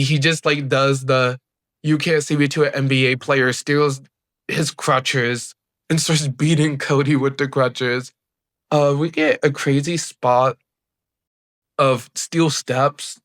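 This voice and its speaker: A man giving an excited, rambling recap of a wrestling event, filling it with "like" as he goes. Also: mid-range voice. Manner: excited, rambling play-by-play with many "like"s. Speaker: wrestling reviewer. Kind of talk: casual recap.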